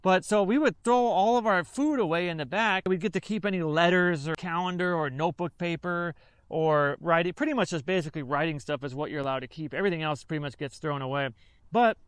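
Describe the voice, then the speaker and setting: An army veteran recounts a training story in a loose, rambling way, circling back and correcting himself as he goes. His voice sits high and sounds smooth and clear. The recording is dry and close. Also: a bit bright, dry recording. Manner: rambling, filler-heavy, self-correcting. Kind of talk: casual storytelling.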